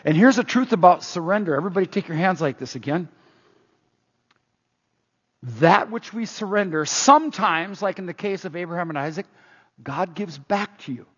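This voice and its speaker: A man preaching a sermon in an energetic, emphatic way, moving between loud stresses and quiet asides. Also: high voice, a little fast, slightly rough. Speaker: pastor. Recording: dull, echoing hall sound.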